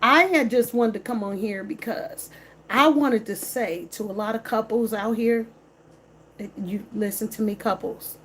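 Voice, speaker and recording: A woman's voice: fairly high pitch, normal speed, a bit bright, a little hiss or hum. A woman, vlogging in an emphatic, repetitive, slangy rant straight to camera. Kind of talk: casual direct-to-camera rant.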